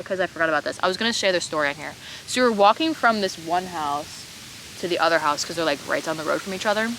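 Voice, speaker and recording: Bright-voiced dramatic young woman. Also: deep voice, vocal fry, slight background noise, poor audio. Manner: dramatic, heavy on "like" fillers and swearing. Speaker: vlogger telling a personal story. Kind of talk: casual storytime monologue.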